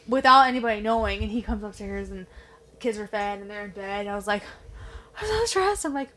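A young woman co-hosting a podcast, chatting casually, blunt and quick to swear and laugh. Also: medium pitch, steady tone, a bit bright. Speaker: podcast co-host. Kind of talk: casual chat.

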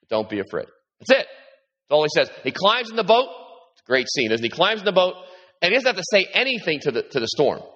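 A man preaching a sermon as pastor, animated and repeating himself, his voice lifting when he quotes Jesus. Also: fast talker, husky. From New York. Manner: animated, repeats words, rises in pitch when quoting Jesus. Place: large hall with congregation. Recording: echoey hall, dull sound.

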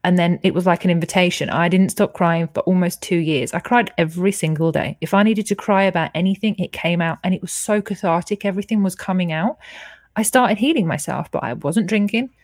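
A woman's voice: on the low side, a little fast, a little mellow, no room sound. Frank woman, dry close sound. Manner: frank, earnest, swears freely. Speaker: podcast guest. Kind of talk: candid personal storytelling.

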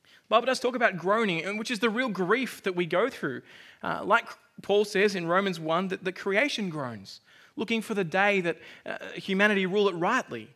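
A man's voice: high-pitched, lively intonation, moderate pace, fairly bright tone. A male pastor preaching a sermon in a conversational, self-deprecating way.

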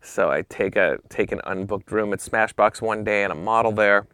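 A man telling stories as a guest in a casual interview, animated and swearing freely, acting out what others said. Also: lowish voice, moderate pace, clear, resonant tone, dry recording, studio quality.

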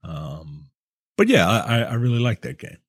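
A man in his thirties co-hosting a casual podcast, talking in a hesitant, wry way with frequent pauses and restarts. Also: on the low side, wildly swooping pitch, breathy edge, dry recording, studio quality. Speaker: podcast co-host. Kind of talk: casual chat.

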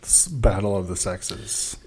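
A man's voice: lowish voice, slow pace, warm tone, breathy edge. A man co-hosting a podcast, making laid-back, brief remarks. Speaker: podcast co-host. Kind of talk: casual chat.

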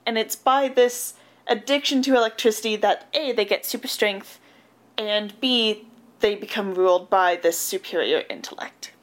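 A woman's voice: medium pitch, moderate pace. A woman co-hosting a casual chat, recapping a film plot with lots of fillers and laughs. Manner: chatty, giggly, peppered with fillers. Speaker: podcast co-host recapping a film.

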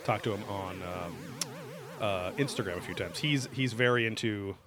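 A man's voice: lowish voice, moderate pace, a crowd in the background. A man co-hosting a podcast in casual chat, rambling with lots of fillers and offhand swearing. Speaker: podcast co-host.

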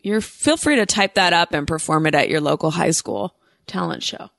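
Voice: mid-range voice, animated, normal speed, creaky, fairly bright tone, dry recording, clean studio sound. A speaker telling anecdotes in a loose conversational way, wry and rambling, leaning on "like" as a filler. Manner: rambling, wry, heavy use of "like". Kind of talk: casual conversational storytelling.

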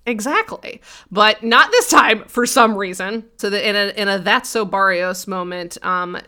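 A woman co-hosting a podcast, casually recapping a TV episode with quick, wry, profane commentary and mock voices for the characters. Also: mid-range voice, animated, bright, forceful tone. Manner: quick, wry and profane, acting out lines from the show in a mocking voice.

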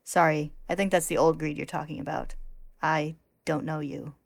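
A woman's voice: deep voice, level tone, normal speed, vocal fry, no echo. A woman voicing a cocky, cold male homunculus who talks coolly and snarls when pushed.

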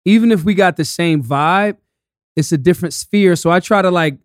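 A man hosting a casual chat, relaxed and agreeable, backing up his guest's points. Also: high voice, moderate pace, no echo, clean studio sound.

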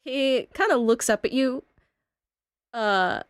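A woman narrating as game master of a tabletop game, halting with fillers. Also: fairly high pitch, expressive, no echo, clean studio sound.

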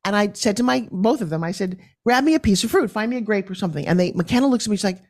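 A woman's voice: medium pitch, expressive, fast talker, few pauses, darkish tone. A middle-aged woman, a podcast guest, telling parenting stories and acting out the voices of her children and others. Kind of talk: conversational storytelling.

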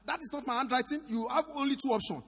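A man's voice: very high-pitched, fast talker. A man with a Nigerian accent preaching a sermon as pastor in a church hall, calling out questions for the congregation to answer. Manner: preaching with shouted call-and-response. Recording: reverberant hall.

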